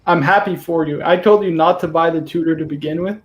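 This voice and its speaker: A man's voice: fairly high pitch, fast. A man co-hosting a casual watch-talk livestream, easygoing but opinionated. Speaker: co-host.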